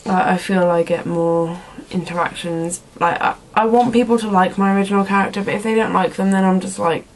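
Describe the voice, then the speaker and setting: In a casual vlog, a young woman answers viewer questions in a put-on accent that isn't her own. Her medium-pitched voice is fairly even and fairly quick, and she rambles with lots of "like" and "um," on a low-quality recording with slight background noise.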